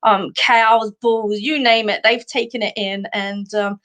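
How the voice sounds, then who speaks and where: An Australian woman hosting a live stream of psychic card readings, talking in a warm, chatty way, full of fillers, and calling viewers sweetheart. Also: fairly high pitch, fairly even intonation, measured pace. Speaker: psychic medium host.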